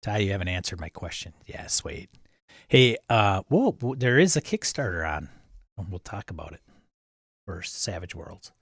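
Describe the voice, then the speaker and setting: A man's voice: deep voice, expressive, moderate pace, no echo, clean studio sound. A man hosting a livestream, casually chatting and greeting viewers by name as he reads their comments. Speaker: livestream host reading chat. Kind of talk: casual chat.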